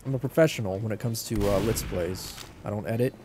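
Here a fairly low-pitched man speaks quickly, riffing on a game like a YouTuber in a joking, self-deprecating ramble. Gunfire and other game sounds play over what he says.

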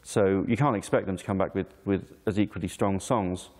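A man's voice: sits low, steady tone, a little fast, a little mellow. A man giving easygoing, hesitant commentary in an interview. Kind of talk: reflective commentary. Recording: reverberant room.

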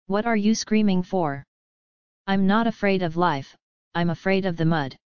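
A woman's voice: mid-range voice, moderate pace, smooth, no echo, dull audio, natural voice. A woman voicing a bold, teasing young island woman in an audiobook dialogue.

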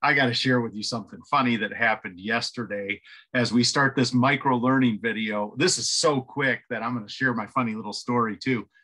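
A man's voice: medium pitch, brisk, sharp tone, rough recording. A middle-aged man giving a casual, chatty tutorial and telling a story in an upbeat way, speaking from a home office into a computer microphone. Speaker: productivity trainer.

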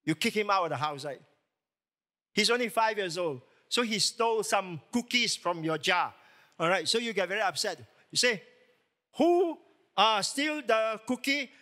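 A man's voice: high-pitched, expressive, moderate pace, sharp tone. A man preaching a sermon as lead pastor, emphatic and full of rhetorical questions.

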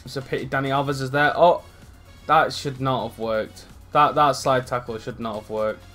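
A young man commentating on his own football video game match, sweary and excitable, swinging from low mutters to loud outbursts. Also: normal speed, soft background music. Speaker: gaming YouTuber.

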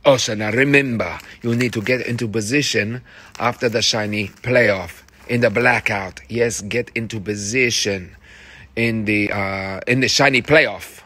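A man's voice: lowish voice, unhurried, sharp tone. A theatre director, a man, reading rehearsal notes to his cast, encouraging and fond of repeating phrases.

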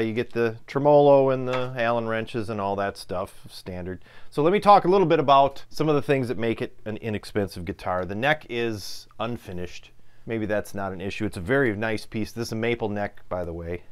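A man with a Midwestern American accent reviewing a guitar in a relaxed, chatty way, filling pauses with ums and uhs. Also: medium pitch, clean tone. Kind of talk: casual product review.

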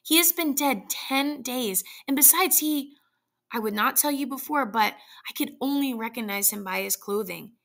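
A woman's voice: on the high side, animated, moderate pace, vocal fry, few pauses, a bit bright, exaggerated voice. A woman voicing a frightened elderly husband with a trembling voice in a read-aloud story. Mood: alarmed. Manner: trembling, horrified. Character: shaken elderly husband, fearful and worn.

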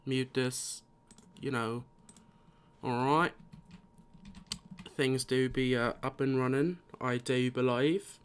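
A man's voice: medium pitch, steady tone, takes it slowly, long pauses, clean tone. A tired man streaming a game live, casually rambling and muttering to himself as he plays.

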